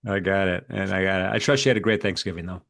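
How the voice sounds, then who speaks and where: A man's voice: low-pitched, fairly even intonation, fast, gravelly, fairly bright tone. A man hosting a live trading show, walking through market levels in a casual, rambling way with many fillers and restarts. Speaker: market strategist and show host. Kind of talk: live trading analysis chat.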